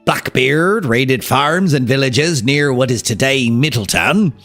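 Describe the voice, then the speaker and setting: A man's voice: mid-range voice, measured pace, soft background music. A man with a Southern California accent hosting a livestream, reading aloud and joking with his chat. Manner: animated, joking, swears, riffs on chat. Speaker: streamer host.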